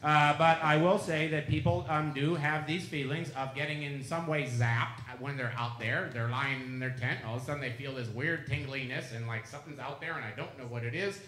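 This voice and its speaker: This author's public talk mixes lecture with chatty storytelling, and he performs the quoted dialogue himself. His voice sits in the mid range, a bit bright, moving fairly quickly with few pauses. There's slight background noise and the roomy echo of a lecture room with listeners present.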